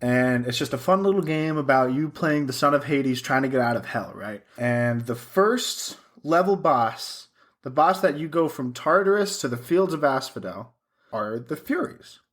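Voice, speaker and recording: A man's voice: mid-range voice, lively intonation, moderate pace. A young man co-hosting a podcast, chatting casually, swearing freely and laughing often as he acts out lines. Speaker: podcast co-host. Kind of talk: casual chat.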